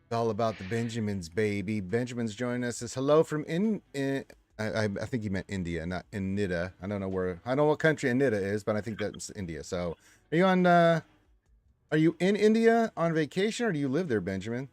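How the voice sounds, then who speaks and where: A man hosting a casual livestream, reading viewers' chat messages aloud with lively swings in pitch and loudness. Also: a little fast, no echo.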